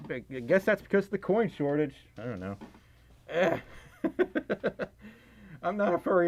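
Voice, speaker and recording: Chatty male streamer, slightly high and very animated pitch, giggles often, rambles through viewer chat. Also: moderate pace, lo-fi sound. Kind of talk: casual livestream chat. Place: indoors at home, in a fursuit.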